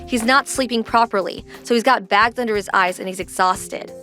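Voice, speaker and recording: A woman's voice: a little high, brisk, bright, forceful tone, soft background music. A young woman voicing a protective wife who confronts her husband's boss in a pleading, accusing way.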